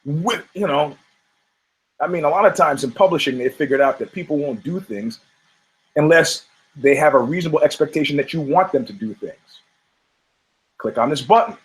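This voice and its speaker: A man's voice: on the high side, expressive, normal speed, poor audio. A man hosting a podcast, riffing on fight results in a rambling, profane, joking manner. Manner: rambling, profane, self-mocking jokes. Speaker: podcast host. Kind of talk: casual comedic commentary on combat sports.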